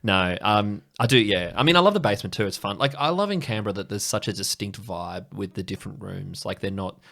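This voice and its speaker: A man talks as a guest on a comedy podcast, friendly and rambling, full of fillers and restarts. His voice is on the low side. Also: animated, a little fast, gravelly, fairly bright tone. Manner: chatty, lots of fillers and trailing off. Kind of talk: casual chat.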